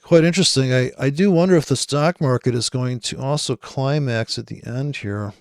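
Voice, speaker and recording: Gravelly, profane man riffing on trades. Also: medium pitch, moderate pace, darkish tone, no room sound, clean studio sound. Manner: rambling, profane, sarcastic. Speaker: forex trader. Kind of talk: casual screen-share trading commentary.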